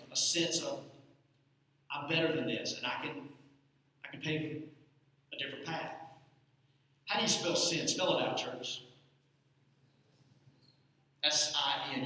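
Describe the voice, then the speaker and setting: Bright-voiced preacher in an echoey church. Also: male voice, on the high side. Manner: preaching with the congregation. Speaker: pastor. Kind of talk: sermon. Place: church sanctuary. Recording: echoey church hall from a distance.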